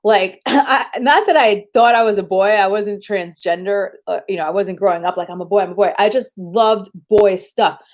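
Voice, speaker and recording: A woman chatting on a live stream, telling animated, profane stories with frequent laughs. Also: medium pitch, normal speed, hardly any pauses. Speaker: livestreamer. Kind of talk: casual live-stream chat and storytelling.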